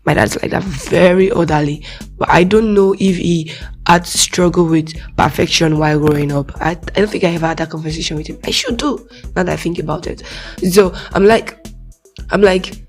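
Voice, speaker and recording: Young woman with a Nigerian accent, solo faith podcast, lively and chatty, laughs a lot, soft music under. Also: mid-range voice, normal speed. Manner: animated, laughs often, acts out little quoted voices. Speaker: podcast host. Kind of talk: casual faith podcast monologue.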